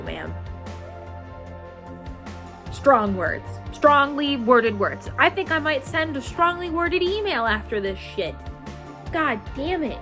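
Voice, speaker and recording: A woman's voice: high-pitched, very animated, slow, long pauses, sharp tone, soft background music. A young woman vlogging casually about books, ranting dramatically and swearing in mock outrage. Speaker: book vlogger. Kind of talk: casual reading vlog rant.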